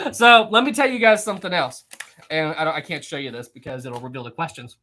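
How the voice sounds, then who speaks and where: A man's voice: fairly high pitch, animated, a little fast, pushed and bright. A man hosting a casual live stream, reading viewer messages aloud, laughing often and repeating himself.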